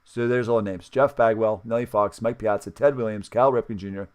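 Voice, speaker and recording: A man's voice: on the low side, steady tone, a little fast, darkish tone, smooth. A man hosting a sports card break livestream, talking casually, counting steps aloud and apologizing for slip-ups. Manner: chatty, apologetic self-corrections, counts aloud.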